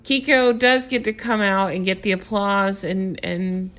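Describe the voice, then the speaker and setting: Female recap host, casual and opinionated, sarcastic edge, mid-range pitch. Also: steady tone, measured pace, a bit bright.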